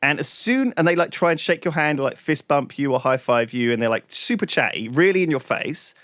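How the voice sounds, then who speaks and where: A man's voice: fairly high pitch, expressive, brisk, fairly bright tone, no echo, clean studio sound. A young man, a podcast co-host, telling a story in a rambling way full of "like" and restarts. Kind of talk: casual podcast chat.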